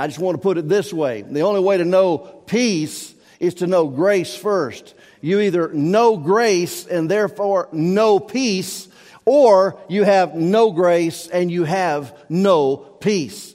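A man's voice: high-pitched, darkish tone, long reverb tail. A man preaching a sermon to his congregation, emphatic and repetitive, his voice rising and falling in force. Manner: emphatic, repeats key words, swells and drops in volume. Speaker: pastor. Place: church sanctuary.

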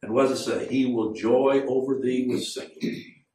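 A man preaching a sermon, earnest and growing fervent, slowing down to quote scripture in the words of old Bible translations. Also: medium pitch, fairly even intonation, dark tone, slight background noise. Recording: echoey room, mic at a distance.

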